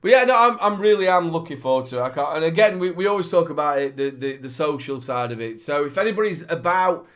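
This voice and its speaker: A man's voice: fairly high pitch, expressive, fast, few pauses, fairly bright tone. A man, co-hosting a casual podcast chat, giggling and rambling with fillers. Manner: giggly, laughs through his words, rambling with fillers. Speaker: show co-host.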